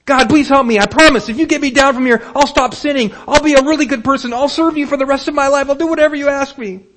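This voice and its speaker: A preacher voicing a terrified man dangling from a cliff, shouting and begging for rescue. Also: very high voice, fast, pitched above the performer's own voice. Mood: pleading panic. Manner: frantic shouting, pleading. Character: panicked man hanging from a cliff.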